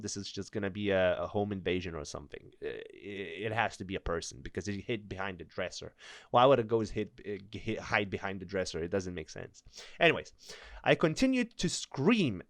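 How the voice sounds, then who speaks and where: A man's voice: on the low side, fairly bright tone, dry recording, studio quality. A man reading creepy stories aloud, nervous and stumbling, breaking off to laugh and joke between passages. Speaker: storyteller reading online stories. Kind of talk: reading aloud with joking commentary.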